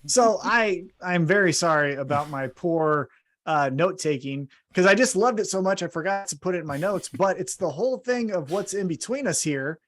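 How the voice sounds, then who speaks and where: Lively, animated man co-hosting a podcast. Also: high-pitched. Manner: animated storytelling, quick asides and self-corrections. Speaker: podcast co-host. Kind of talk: casual chat recapping wrestling shows.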